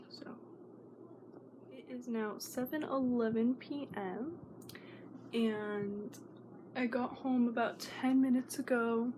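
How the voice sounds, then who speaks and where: A woman's voice: on the high side, steady tone, measured pace, background noise. A teenage girl vlogging in a nervous, rambling way, often dropping to a whisper. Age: teens. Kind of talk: casual vlog chat.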